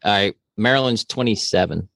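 A man co-hosting a podcast, laid-back and quick to laugh, chatting casually. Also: on the low side, gravelly, a bit bright, no room sound, clean studio sound. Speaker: podcast co-host. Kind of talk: casual banter.

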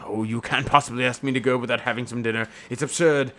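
A man reading lines from a comic play in a relaxed read-through. He is playful and loose with the script. His voice is middle in pitch. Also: quick pace, a little hiss or hum. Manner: playful, breaks off laughing. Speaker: amateur reader of a play.

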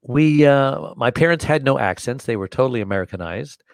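An older American man, a guest on an interview show, telling his tale with animated energy. His mid-range voice sits dry and close, with no room sound. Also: medium pitch, fairly quick, no echo. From United States. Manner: animated, acts out the voices of the people in his story. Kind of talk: storytelling in conversation.

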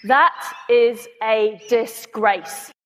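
Woman plays indignant female minister, very slow, echoey. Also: fairly high pitch, steady tone.

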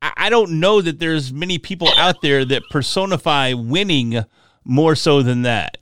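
A man's voice: a little high, lively intonation, normal speed, a bit bright, clean tone, no room sound. A man hosting a podcast, chatting casually and making teasing remarks. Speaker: podcast host. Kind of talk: casual interview chat.

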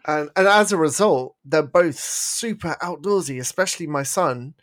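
A man's voice: fairly high pitch, expressive, moderate pace, a bit bright. A man in his forties with an English accent, chatting as a podcast co-host, self-mocking and laughing often. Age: 40s. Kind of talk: casual chat.

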